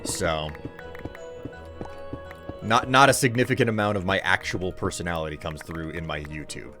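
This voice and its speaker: A man streaming himself gaming, chatting in a relaxed, rambling way that often corrects itself. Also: low voice, moderate pace, over music. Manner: rambling, self-correcting, chuckling. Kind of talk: laid-back live-stream chat while gaming.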